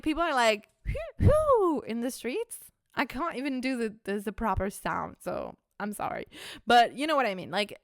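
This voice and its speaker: A woman's voice: medium pitch, clear, resonant tone, dry recording, clean studio sound. A young adult woman hosting a podcast, talking candidly and casually, swearing freely and filling her sentences with "like". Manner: chatty and candid, swears freely, many "like" fillers. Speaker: podcast host. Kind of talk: casual confessional podcast talk.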